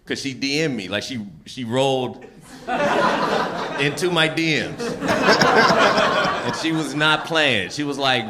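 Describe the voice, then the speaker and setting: A man performing a stand-up comedy set, telling a story with animated delivery and acting out the people in it while an audience laughs. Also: mid-range voice, slight background noise.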